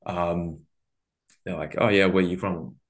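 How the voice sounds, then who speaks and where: A man's voice: deep voice, steady tone, measured pace. A man from northern England with a Manchester accent, hosting a podcast in a chatty, slangy way and laughing often. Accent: Northern English, Manchester. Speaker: podcast host. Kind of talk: casual conversation.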